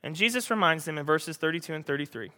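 A male pastor preaching a sermon, animated and joking, acting out the scripture he reads. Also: on the high side, fast talker, long reverb tail.

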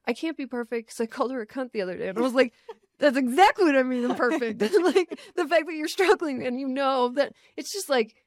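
A woman co-hosting a podcast in casual chat, animated, laughing often and swearing freely into a studio microphone. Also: high voice, brisk, dry recording. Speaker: podcast co-host.

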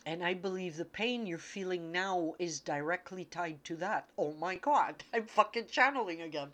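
A woman speaks slowly in a lowish voice, giving an unscripted spiritual talk. She sounds tearful and emotional, pausing and repeating her words as she goes. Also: a bit bright. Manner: emotional, halting, repeats herself.

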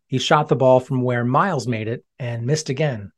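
A storyteller giving gentle, expressive children's storybook narration. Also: mid-range voice, moderate pace.

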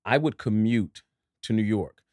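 A middle-aged man from Dallas, an actor guest in an interview, telling stories in an animated way and acting out other people's voices. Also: on the low side, unhurried, no room sound, studio quality. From Dallas, Texas. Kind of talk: storytelling interview.

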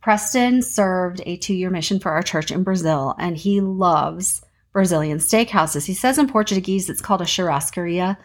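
A woman in her thirties hosting a podcast, chatting casually about her week in an animated storytelling voice that jumps up in pitch when she gets excited. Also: normal speed. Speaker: podcast host.

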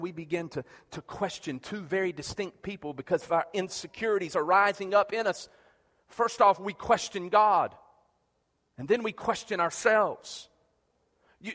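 A man preaching a sermon, animated, acting out quoted prayers and often repeating words as he starts a phrase. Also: sits high, big-room sound.

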